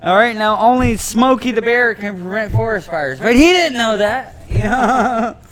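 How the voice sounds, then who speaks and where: A man co-hosting a podcast in casual chat, joking and riffing with quick laughs. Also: high-pitched, fairly bright tone. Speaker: podcast co-host.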